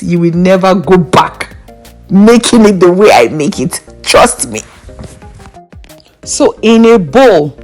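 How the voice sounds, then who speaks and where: A young woman vlogger with a medium-pitched, slightly mellow voice walks through a recipe in her home kitchen. She's emphatic and playful, repeating the key steps to drive them home.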